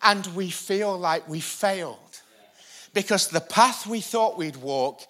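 A male pastor preaching a sermon, energetic and repetitive for emphasis. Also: sits high, slow. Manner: energetic, repeats lines for emphasis, uses a helper for a live demonstration. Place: church stage before a congregation.

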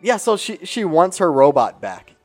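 A man's voice: on the high side, sing-song, faint music behind. A man co-hosting a podcast in a studio, joking and recounting stories in a casual tone. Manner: jokey, storytelling, quick to laugh. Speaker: podcast co-host. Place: recording studio.

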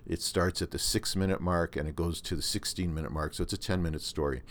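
Very deep-voiced older Canadian man. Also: fairly quick. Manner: rambling, with many restarts and fillers. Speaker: podcast host. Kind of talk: casual monologue.

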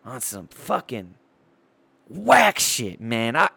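A man hosting a podcast, ranting about sports in a loud, crude, rambling way and mocking the players he talks about. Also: medium pitch, big pitch swings, slow, gravelly, breathy edge, no room sound. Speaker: podcast host. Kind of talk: profane sports rant.

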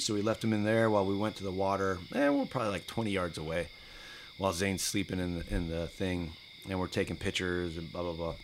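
Animated man telling stories. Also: fairly low pitch, a little hiss or hum. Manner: animated, acts out other people's lines. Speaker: podcast guest. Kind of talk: casual storytelling.

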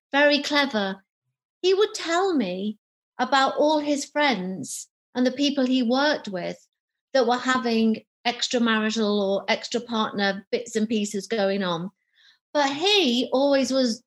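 A middle-aged woman, an author and psychotherapist, telling a personal story in an interview and acting out remembered dialogue. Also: fairly high pitch. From United Kingdom. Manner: animated, acts out remembered dialogue.

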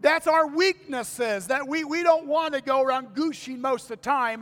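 A man's voice: extremely high pitch, normal speed, few pauses, a bit bright. An older man preaching to his congregation in a folksy manner, repeating key lines and asking for amens. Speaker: pastor. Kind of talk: sermon. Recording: long reverb of a church hall.

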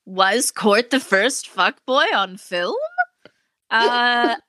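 A woman's voice: a little high, drawn-out words, no room sound. A woman co-hosting a horror film podcast, talking casually with a teasing manner and frequent swearing. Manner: teasing, animated, swears freely. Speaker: podcast co-host. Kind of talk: casual chat.

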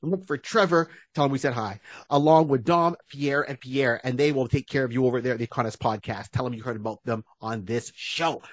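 A man co-hosting a casual podcast, energetic and quick with shout-outs, his voice going hoarse. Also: mid-range voice, no echo. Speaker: podcast co-host, stand-up comedian.

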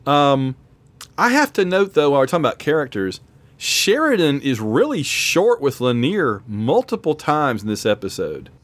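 A man's voice: mid-range voice, moderate pace, no room sound. A man co-hosting a podcast in casual chat, acting out quotes with laughs. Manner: animated, acts out quotes with laughs. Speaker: podcast co-host.

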